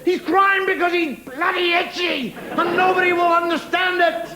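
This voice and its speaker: A man's voice: very high-pitched, fairly even intonation, moderate pace, a loud crowd, heavy background noise. A man performing a wry, chatty stand-up monologue, talking straight to a live studio audience. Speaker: stand-up comedian.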